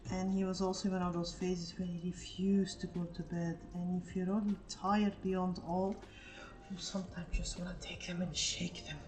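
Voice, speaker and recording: A woman's voice: fairly low pitch, normal speed, a little hiss or hum. A woman co-hosting a live stream, telling stories in casual chat and swearing freely. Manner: animated storytelling, swears freely. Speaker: streamer co-host.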